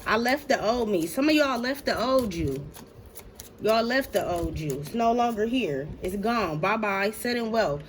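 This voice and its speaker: A woman's voice: a little high, animated, unhurried, a little hiss or hum. A woman giving a casual tarot reading to her viewers. She talks in a blunt, slangy, profane way, addresses them directly, and laughs often. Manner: slangy, talks straight to "y'all". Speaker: tarot reader.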